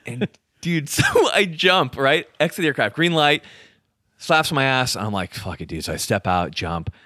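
A man telling military stories in casual chat, animated and profane, laughing often and acting out voices. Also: mid-range voice, moderate pace, dry recording, clean studio sound. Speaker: podcast guest telling army stories.

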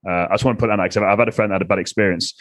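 A man's voice: on the low side, fairly even intonation, very fast, a bit bright, no room sound, studio quality. A man hosting a podcast in casual conversation, blunt and swearing freely. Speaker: podcast host.

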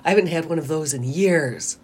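A woman co-hosts a radio talk show in easy on-air banter, teasing her partner with frequent laughter. Her voice sits low and sounds husky. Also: brisk, a little mellow.

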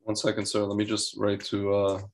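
A man's voice: on the low side, completely flat delivery, brisk, slight background noise. A man co-hosting a casual podcast, agreeable and blunt, who chimes in often. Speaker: podcast co-host.

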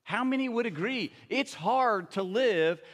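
A man's voice: high voice, expressive, unhurried, a bit bright, in a large hall. A man preaching a sermon and reading scripture aloud, talking to the congregation in a casual way and often checking in with them. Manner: conversational, addresses congregation with tag questions.

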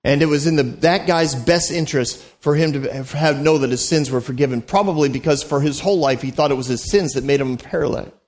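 A man's voice: on the high side, fast, hardly any pauses, darkish tone. A man preaching a sermon as a pastor, in a conversational, joking way, acting out the voices he quotes.

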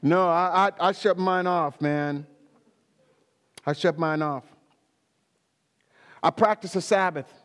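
A male pastor delivers a sermon to his congregation, driving his points home by repeating key phrases. His voice sits a little high for a man. The sound carries the long reverb of a large church hall. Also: slow pace, pauses often, fairly bright tone, clean tone.

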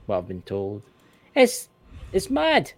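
A Scottish man co-hosting a casual podcast chat, animated and swearing, repeating himself when worked up. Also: fairly low pitch, slow pace, dry recording. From Scotland. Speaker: co-host.

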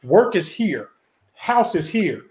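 A man in his forties hosts a casual group chat about relationships, speaking in a high-pitched voice with big swings in pitch at a slow pace. His tone is a little mellow and the room sounds reverberant. He gets emphatic and preachy, acting out quoted dialogue to drive his point home.

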